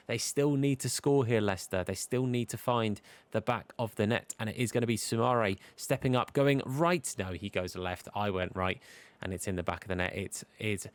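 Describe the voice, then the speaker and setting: A young man chats through his football game like a match commentator, hiccuping now and then. His voice sits a little low, and the sound is close and dry. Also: steady tone, moderate pace, smooth, no room sound. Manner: chatty, commentator-style play-by-play. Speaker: gaming YouTuber.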